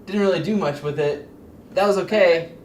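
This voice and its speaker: A man's voice: high voice, normal speed. A man reviewing a movie with friends, joking and sarcastic. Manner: jokey, sarcastic storyteller. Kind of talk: casual podcast banter. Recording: echoey room with faint noise.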